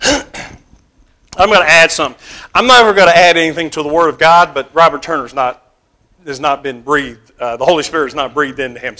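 High, animated preacher man, slow and emphatic. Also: rough recording. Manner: emphatic, repeats key phrases, swings between loud stress and quiet asides; asks the class questions. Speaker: preacher teaching a Bible class. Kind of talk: sermon-style Bible class teaching.

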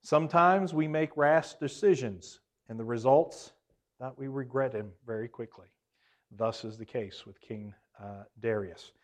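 A man's voice: medium pitch, unhurried. A man leading a Bible class, talking conversationally, asking the group questions, with hesitant fillers, self-corrections and emphatic rises on key points. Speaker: Bible study teacher.

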